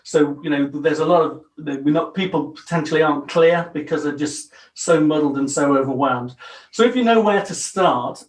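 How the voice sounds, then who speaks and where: A man's voice: fairly high pitch, moderate pace. A man, a business coach on a podcast, explaining his method in an earnest, down-to-earth way over a video call. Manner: earnest, explanatory, self-deprecating. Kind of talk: interview answers. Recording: roomy, distant from the mic.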